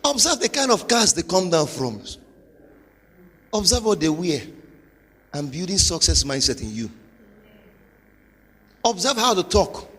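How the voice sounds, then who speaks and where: A man with a Nigerian accent, a pastor giving a motivational sermon with forceful, repetitive exhortation. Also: high-pitched, very animated, measured pace, pauses often, breathy edge. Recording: long hall reverb.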